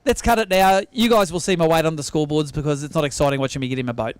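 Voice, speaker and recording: An Australian man hosting a fishing weigh-in, bantering in an energetic, teasing way. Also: a little high, clean tone, dry recording. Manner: energetic, teasing, quick-talking. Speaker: weigh-in host. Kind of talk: live tournament emcee banter. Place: outdoor weigh-in stage at a sailing club.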